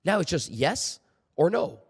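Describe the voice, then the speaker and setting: A man's voice: on the high side, big pitch swings, unhurried, slightly rough. Guy giving a fired-up sales coaching talk, repeats stuff, swears a bit, voice bounces all over, big reverb. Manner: emphatic, repeats key points, swears casually.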